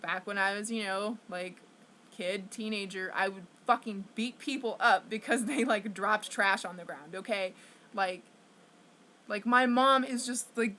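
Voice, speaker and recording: Stressed young woman venting, bright voice. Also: medium pitch. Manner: rambling, constant fillers and swearing. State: stressed and upset. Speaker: vlogger. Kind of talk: venting to camera.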